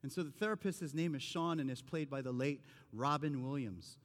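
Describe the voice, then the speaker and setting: A man's voice: on the high side, brisk. Earnest male pastor preaching in a hall. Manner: earnest, conversational preaching with rising emphasis. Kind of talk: sermon. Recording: long reverb of a large hall.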